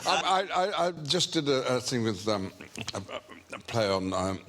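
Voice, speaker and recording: A man's voice: mid-range voice, very animated, normal speed, a bit bright, a little hiss or hum. An older man with a Northern English accent, a talk show guest telling a story with hesitant, repeated starts. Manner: hesitant, repeats words, chuckling. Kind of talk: anecdotal chat. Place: TV studio with audience.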